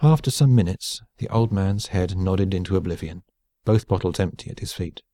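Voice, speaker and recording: A male audiobook narrator with a deep, dark voice reads scripted narration at normal speed. The sound is clean studio audio with no room noise.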